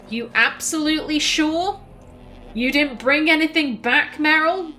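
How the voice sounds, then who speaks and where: Slow, musing woman gaming host. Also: sits high, bright, forceful tone. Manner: slow, musing, reads dialogue aloud. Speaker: let's play host. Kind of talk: gameplay commentary.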